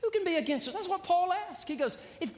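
A pastor preaching a sermon in a large church, quoting scripture with a preacher's rising cadence. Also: male voice, extremely high pitch, animated, quick pace. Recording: church reverb.

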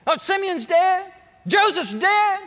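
A man's voice: very high voice, sing-song, slow pace, fairly bright tone, pitched above the performer's own voice, exaggerated voice. A preacher acting out a grumpy, self-pitying old father who refuses to listen, in a whiny, melodramatic way. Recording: long hall reverb.

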